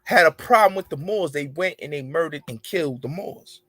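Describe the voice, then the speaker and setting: A man's voice: a little high, a little fast, sharp tone, no room sound. Emphatic man ranting in street slang. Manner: rambling, emphatic, heavy profanity and street slang. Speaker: show host. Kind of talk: casual monologue.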